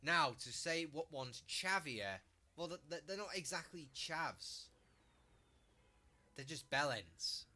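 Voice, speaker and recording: A man with a strong Scouse accent talks in a very bright, cutting voice. He rants in a blunt, mocking way, swearing as he goes, like a streamer chatting casually to his viewers. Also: fairly high pitch, lively intonation, takes it slowly. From Liverpool, England. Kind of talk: casual ranting commentary.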